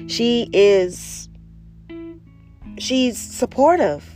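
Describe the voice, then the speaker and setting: Woman with a low voice, candid and animated in an unscripted solo vlog, soft guitar music underneath. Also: unhurried. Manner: candid, profane, animated storytelling. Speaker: spiritual vlogger. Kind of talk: casual personal monologue.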